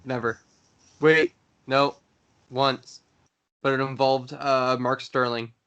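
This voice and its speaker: A man co-hosting a casual wrestling chat, lively and acting out quotes. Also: mid-range voice, slow, clear, resonant tone. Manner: lively recapper who acts out quotes. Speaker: podcast co-host.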